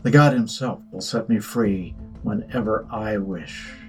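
A man voicing a calm, mysterious disguised god. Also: on the low side, a little slow, faint music behind, close to an everyday voice. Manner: calm, quiet, unconcerned.

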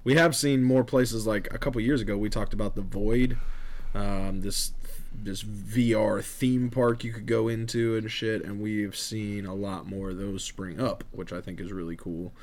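A man's voice: on the low side, steady tone, moderate pace. A man in casual podcast chat, laid-back and rambling, with swearing and many fillers.

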